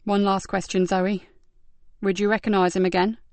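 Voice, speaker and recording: A steady, patient police detective, asking questions gently, as a woman narrator reads him. The voice stays near her own register, close and dry. Audiobook crime drama. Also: mid-range voice, normal speed, no room sound, close to an everyday voice. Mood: calm. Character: calm male police detective. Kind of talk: audiobook character voice.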